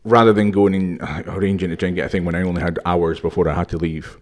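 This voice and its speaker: A man's voice: low voice, fairly even intonation, a little mellow. A man in his forties with a north-east Scottish accent, a podcast co-host telling rambling anecdotes in casual chat. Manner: chatty storyteller, quick rambling anecdotes.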